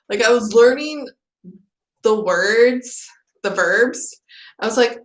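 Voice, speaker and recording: A woman's voice: fairly high pitch, animated, takes it slowly, long pauses. A young woman and native English speaker hosting a casual livestream chat. She laughs often and acts out her own anecdotes. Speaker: channel host. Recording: roomy echo.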